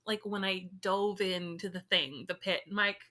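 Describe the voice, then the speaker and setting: A woman co-hosting a podcast in casual chat, animated, acting out little scenes as she tells stories. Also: medium pitch, a little slow. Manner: animated storyteller, acts out dialogue. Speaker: podcast co-host.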